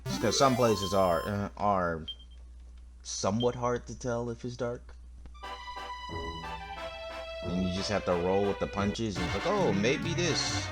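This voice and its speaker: A man's voice: fairly low pitch, a little slow, pauses often. A young adult man casually commentating his video game playthrough, chatty and prone to breaking off mid-sentence. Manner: chatty, self-interrupting, giggly. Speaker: gameplay commentator. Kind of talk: casual let's-play commentary. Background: game music.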